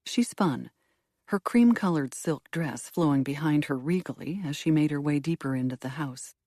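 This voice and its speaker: A woman reads a first-person mystery aloud in a low, warm voice. Her pitch rises and falls with plenty of life, and the studio sound is close and dry. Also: animated, moderate pace, dry recording. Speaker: audiobook narrator. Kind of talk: first-person audiobook narration.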